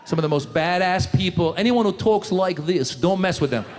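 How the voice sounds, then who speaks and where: A male stand-up comedian doing a live set, mocking and quick, talking straight to the crowd on a handheld mic. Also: sits high, lively intonation, in a large hall, noisy background. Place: live comedy stage before an audience.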